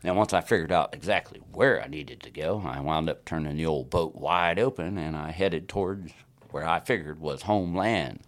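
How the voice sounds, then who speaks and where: A man's voice: low voice, moderate pace. A man casually telling a fishing story on a podcast, acting out his own lines and laughing along. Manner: animated, acts out his own quotes, laughs through the story. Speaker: guest storyteller.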